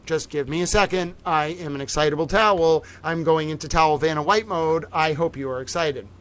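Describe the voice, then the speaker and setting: A man's voice: fairly high pitch, brisk, rough recording. A man hosting a livestream in a playful, theatrical showman manner, chatting to viewers. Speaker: livestream host. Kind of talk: animated livestream chat.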